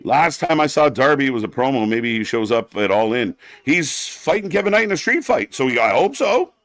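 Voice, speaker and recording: A man's voice: medium pitch, very animated, moderate pace, a bit bright, dry recording. A man hosting a live wrestling watch-along stream, ranting bluntly and sarcastically, swearing often and getting heated.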